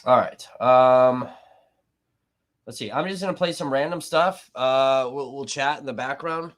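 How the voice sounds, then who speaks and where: A man's voice: mid-range voice, measured pace. A man hosting a live stream, talking casually in a profane, sarcastic, rambling way, sniffly from allergies.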